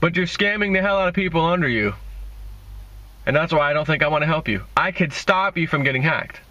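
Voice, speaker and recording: A man rambles through an opinion monologue in a bright, forceful voice, sarcastic and mocking. His pitch sits a bit high, and the sound is dry and dull, like a lo-fi home recording. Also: brisk, no echo. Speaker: crypto video host.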